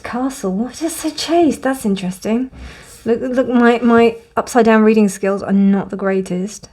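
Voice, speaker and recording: A young woman gives a casual, gently emotional tarot card reading in a warm, reassuring way. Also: medium pitch. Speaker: tarot reader.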